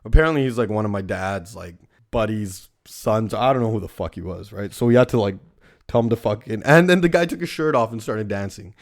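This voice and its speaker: A man's voice: lowish voice, a little fast. A young man hosting a casual storytelling show, rambling and swearing constantly, tagging lines with "right?". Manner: profane, rambling, lots of "right?" tags. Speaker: podcast host.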